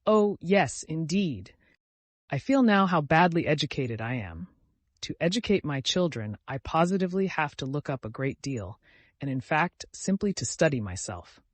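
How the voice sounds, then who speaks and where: A man reading as a modest aristocratic gentleman. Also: on the high side, animated, normal speed, no room sound. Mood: earnest. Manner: polite, self-deprecating, eager.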